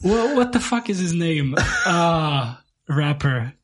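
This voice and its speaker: A man's voice: fairly high pitch, big pitch swings, takes it slowly. A man hosting a podcast in casual chat, easygoing and loose, chuckling and trailing off mid-sentence. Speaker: podcast host.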